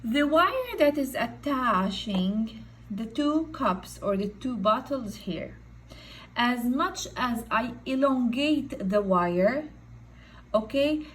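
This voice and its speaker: Slow-paced woman teaching a science lesson. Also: a little high, low-quality recording. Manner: slow, explanatory, repeats "okay?" to check understanding; non-native English phrasing. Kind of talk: recorded online lesson.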